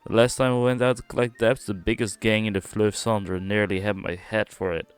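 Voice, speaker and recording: A streamer doing a grumbling young rookie agent with a put-on accent. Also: male voice, lowish voice, little pitch movement, a little fast, clear, resonant tone, faint music behind, natural voice. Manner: put-on accent, slangy complaining.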